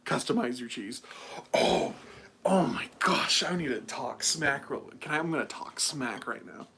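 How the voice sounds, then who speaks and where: A young man chats on his livestream, his pitch jumping all over as he rambles and mocks. His words come loose and full of fillers. A faint hum of room noise sits behind him. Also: normal speed. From United States. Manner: animated, mocking, rambling with many fillers. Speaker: livestream host. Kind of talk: casual livestream chat.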